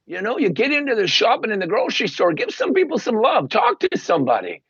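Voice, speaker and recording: A man, a guest on an interview show, telling stories with lively, emphatic delivery and acted-out quotes. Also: fast talker, husky, no room sound, muffled recording. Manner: animated storyteller, acts out quotes with big pitch jumps. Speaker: guest, paid sports superfan. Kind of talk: casual interview talk.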